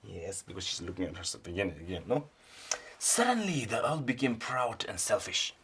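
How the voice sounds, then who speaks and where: A man reads a children's picture book aloud, lively and full of questions for his young listeners. His pitch swings widely, with a gravelly edge settling into his lower notes. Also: a little fast. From Bhutan. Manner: animated, asks the children questions. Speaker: storyteller.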